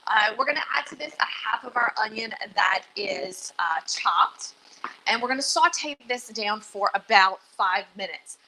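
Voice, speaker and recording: On a rough recording, a Louisiana woman with a mid-range, sharp voice and lively intonation speaks unhurriedly. Hosting a live cooking demo as a dietitian, she's chatty, self-deprecating, and upbeat despite some nerves.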